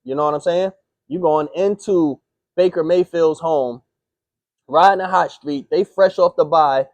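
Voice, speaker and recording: A man's voice: on the high side, measured pace, a little mellow, dry recording, highs cut off. A man hosting a sports picks recap, talking in a heated, profane, slangy rant. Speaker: sports picks show host.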